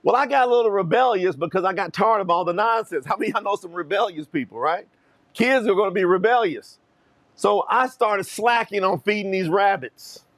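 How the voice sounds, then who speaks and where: A middle-aged man with a high-pitched voice tells a story from his own life, addressing his viewers directly. He speaks in an animated, lively way, as a motivational speaker would. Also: brisk. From Kentucky, US. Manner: animated, talks straight to viewers. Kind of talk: personal storytelling to online viewers.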